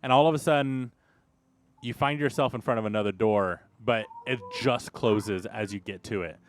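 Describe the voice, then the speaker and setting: A man's voice: lowish voice, normal speed, slight background noise. A man running a tabletop role-playing game, describing the scene and calling for dice rolls. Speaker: game master.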